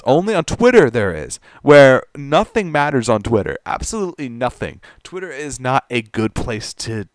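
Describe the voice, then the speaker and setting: A man's voice: mid-range voice, big pitch swings, normal speed, hardly any pauses, no echo. Stammering man ranting, dry close sound. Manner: stammering, exasperated, repeats words. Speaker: commentary YouTuber. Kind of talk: ranting commentary.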